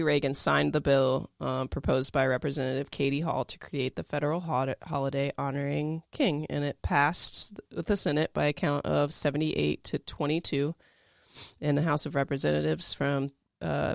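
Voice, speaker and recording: Young male co-host, smooth but gravelly voice, chatty fact-reading full of ums. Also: on the high side, no echo, clean studio sound. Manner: reads facts aloud with fillers and restarts. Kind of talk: casual chat.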